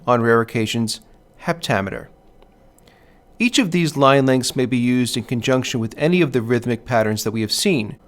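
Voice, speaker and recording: In a scripted poetry lesson, a man narrates as a teacher, speaking in a measured way and stressing the rhythm when he reads verse aloud. His voice is medium-pitched.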